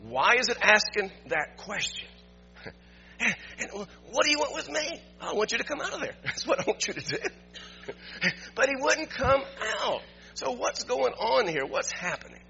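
Animated, high-voiced man preaching a sermon. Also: measured pace, gravelly, muffled recording, soft background music. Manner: animated storytelling preacher, rising to emphatic peaks. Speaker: pastor.

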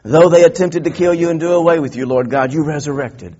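A man preaching a sermon as pastor, earnest and building emphasis with repeated phrases, then reading old-style scripture slowly and deliberately. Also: a little high, dark tone, breathy edge, lo-fi sound. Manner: reads King James scripture slowly and deliberately.

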